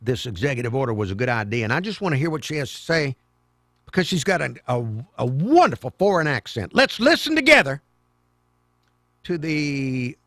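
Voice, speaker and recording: A man hosting a talk radio show, delivering a sarcastic, mocking monologue with sudden loud outbursts. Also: mid-range voice, lively intonation, a little fast, dry recording, studio quality. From American South. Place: radio studio. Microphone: studio microphone.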